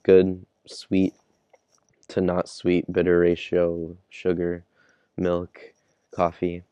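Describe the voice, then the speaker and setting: A man's voice: sits low, completely flat delivery, takes it slowly, long pauses, warm tone, smooth, dry recording, lo-fi sound. A man casually reviewing a manga chapter, laid-back, chuckling and thinking aloud. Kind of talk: casual chapter read-along.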